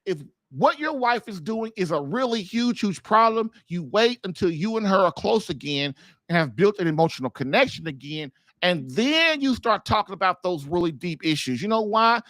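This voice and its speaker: A man's voice: high voice, sing-song, moderate pace, fairly bright tone, no room sound. A man hosting an advice podcast, talking informally and emphatically, hammering points home with rhetorical questions. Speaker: marriage coach and podcast host. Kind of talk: casual advice monologue.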